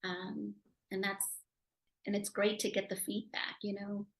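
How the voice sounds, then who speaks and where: A woman guest talks through her journey as a speaker and author in a relaxed interview. Her telling is animated and emotional, and it climbs in volume when she reaches the moments that moved her. The recording has a noticeable roomy echo. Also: a little slow. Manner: animated, emotional, rising loudly at high points. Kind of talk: conversational interview storytelling.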